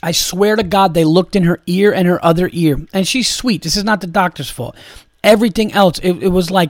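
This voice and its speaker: A man's voice: high-pitched, fast talker, no echo, studio quality. A young adult man hosting a podcast, ranting in an exasperated, profane, repetitive way. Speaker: podcast host. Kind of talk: casual ranting monologue.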